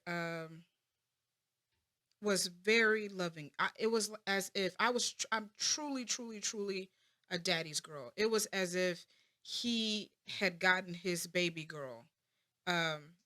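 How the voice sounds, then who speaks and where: A woman in her thirties, an interview guest, talking reflectively about her family with many pauses and restarts. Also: fairly low pitch, sharp tone. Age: 30s. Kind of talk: personal interview.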